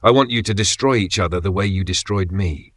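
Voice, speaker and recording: A man reading the lines of a cold, vengeful woman in a dark narrated story, delivering measured threats. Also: sits low, no echo.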